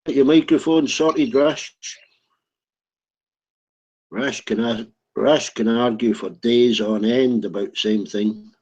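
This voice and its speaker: Husky man prodding his co-hosts. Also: mid-range voice, slow, darkish tone. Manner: prodding, teasing, calls people by name. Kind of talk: casual chat. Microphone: online voice call. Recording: dull lo-fi online call.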